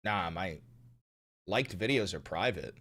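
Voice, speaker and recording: A man's voice: deep voice, animated, unhurried, pushed and bright. A man hosting a livestream, chatting loosely and profanely while reading viewer messages aloud. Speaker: livestream host. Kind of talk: casual stream chat.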